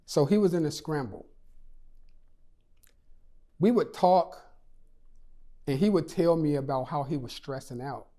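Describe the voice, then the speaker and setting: A man's voice: mid-range voice, dark tone. Male charity speaker, mid-range voice, earnest storytelling with emphatic rises and drops. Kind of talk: personal story told in a prepared talk.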